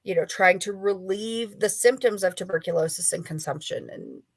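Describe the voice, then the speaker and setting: A woman author and paranormal investigator, appearing as a guest in a casual storytelling interview, rambles chattily through a story with lots of fillers. Her voice is medium in pitch at a moderate pace, with no echo.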